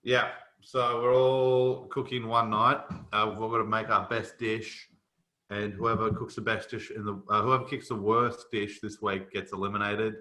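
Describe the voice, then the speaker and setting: Blunt Australian man, bright echoey voice. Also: fairly low pitch, flat delivery, normal speed. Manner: blunt, opinionated banter. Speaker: podcast co-host. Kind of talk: casual chat.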